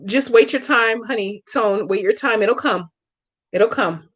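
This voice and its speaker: A woman's voice: on the high side, unhurried, fairly bright tone. A woman hosting a live stream, chatting casually with viewers by name and talking back to their comments in a blunt, profane, outspoken way.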